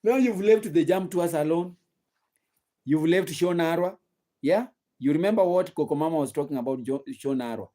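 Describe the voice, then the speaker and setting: A man's voice: on the high side, normal speed, mellow. A young man with a Kenyan accent hosting a gossip channel in casual live-stream commentary, asking the viewers rhetorical questions and repeating himself while sleepy and yawning. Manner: rhetorical questions to the audience, repetitive.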